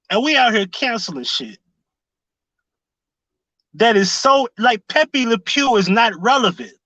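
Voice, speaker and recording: Male streamer, high bright voice, sarcastic questions, dry close sound. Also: very animated, measured pace, long pauses, no echo, poor audio. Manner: sarcastic rhetorical questions, greets chatters. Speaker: livestream commentary host. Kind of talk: casual live-stream commentary.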